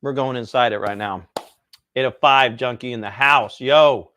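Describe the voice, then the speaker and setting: A man's voice: mid-range voice, normal speed, pushed and bright, no room sound, clean studio sound. A man hosting a casual cooking livestream, chatting and rambling to his viewers while he cooks outdoors. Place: outdoors by a pizza oven.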